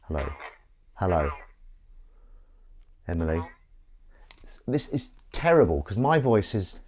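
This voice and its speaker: A man's voice: low voice, very animated, slow, a little mellow. A man hosting a casual live stream, rambling and self-mocking as he tries out a gadget. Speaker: livestream host. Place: outdoors in wind.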